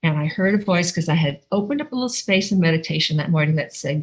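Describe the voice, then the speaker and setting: A middle-aged woman from Iowa giving a personal recovery testimony over a video call, animated and laughing often as she acts out quotes. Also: deep voice, fast talker, poor audio. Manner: animated storytelling with frequent laughs and acted-out quotes. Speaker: recovery meeting speaker. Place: home, online video call. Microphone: video call microphone.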